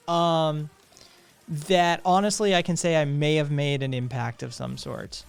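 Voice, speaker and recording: Male streamer host, casual sarcastic chat, smooth resonant tone, faint music underneath. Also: on the high side, fairly even intonation, a little slow. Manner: blunt and profane, laughing and sarcastic. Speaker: live streamer hosting a chat show. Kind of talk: casual live-stream chat, reading viewer comments.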